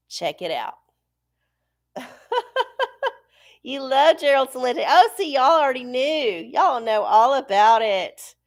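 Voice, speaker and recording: Woman, casual livestream chat, swears freely, laughs often, higher-pitched voice. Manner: profane, laughing, chatty with viewers. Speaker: livestream host. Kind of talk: casual live-chat talk.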